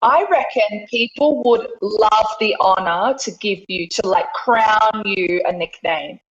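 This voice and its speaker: A woman's voice: medium pitch, takes it slowly. A woman with an Australian accent, chatting as an interview guest, laughing often. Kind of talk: casual interview chat. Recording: echoey room, dull lo-fi sound.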